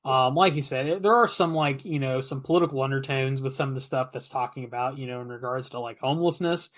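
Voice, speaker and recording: A man's voice: medium pitch, quick pace, a bit bright. A man co-hosting a podcast, talking casually with lots of fillers and restarts. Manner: rambling, many fillers and restarts. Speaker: podcast co-host.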